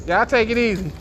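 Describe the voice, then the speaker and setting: A man's voice: extremely high pitch, fairly bright tone. A man vlogging casually in a supermarket, teasing and joking with strangers as he shops. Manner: teasing, playful, talks to passers-by. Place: indoor supermarket. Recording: noisy store background.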